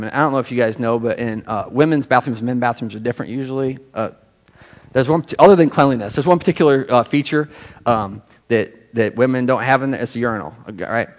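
A man preaching a sermon as pastor, talking in a conversational, self-deprecating way with many rhetorical questions. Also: fairly high pitch.

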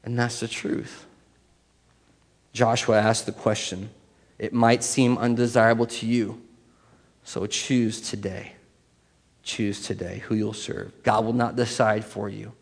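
A man preaching a sermon as pastor, shifting between loud emphatic passages and hushed ones, and acting out inner voices. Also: lowish voice, flat delivery, takes it slowly, creaky, pauses often, long reverb tail.

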